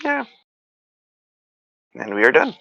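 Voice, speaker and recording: A man's voice: medium pitch, huge pitch swings, slow, creaky, dry recording, lo-fi sound. A man playing a tabletop role-playing game, talking in character with wry, sarcastic humor. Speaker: player.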